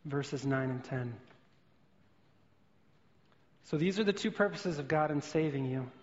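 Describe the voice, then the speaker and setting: A man's voice: on the high side, a little slow, darkish tone. A man preaching a sermon in a church hall, earnestly building his points through vivid everyday illustrations. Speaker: pastor. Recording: long hall reverb, dull lo-fi sound.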